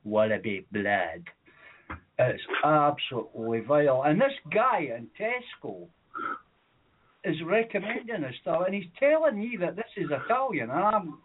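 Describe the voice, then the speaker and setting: A man's voice: fairly high pitch, very animated, measured pace, slightly rough. A man phoning in to a radio show, telling a rambling story with lots of fillers and chuckles. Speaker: caller. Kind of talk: casual call-in storytelling. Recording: tinny phone-like line.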